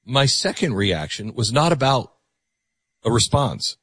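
A man's voice: medium pitch, sing-song, a little slow, a bit bright, slightly rough, dry recording, clean studio sound. A man hosting a call-in radio show, taking callers in an earnest, reflective way with frequent stammered restarts. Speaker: radio talk show host.

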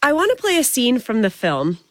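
A woman interviewing a guest, asking curious, lively questions. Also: a little high, brisk, no echo. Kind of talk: radio-style interview.

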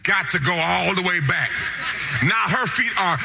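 A man preaching, telling a funny story with animated, lively delivery that jumps between low asides and excited high shouts. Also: a little slow, vocal fry, heavy background noise. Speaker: pastor. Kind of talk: storytelling sermon.

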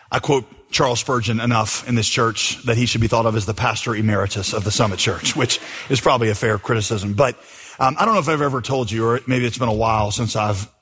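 Husky-voiced male pastor preaching. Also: mid-range voice, fairly bright tone, big-room sound. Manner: conversational storytelling, reads quotes aloud. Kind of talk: sermon.

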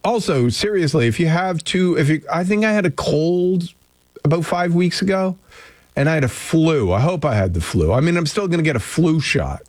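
A man's voice: fairly high pitch, expressive, normal speed, no room sound. A man hosting a casual radio show, rambling and chatty, poking fun at himself as he talks to listeners and co-hosts in a studio. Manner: rambling, chatty, self-deprecating. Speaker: radio host. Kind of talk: casual morning radio chat. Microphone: studio microphone.

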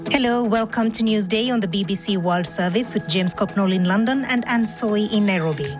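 A woman presenting a radio news program in a smooth, steady voice. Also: mid-range voice, brisk, over music.

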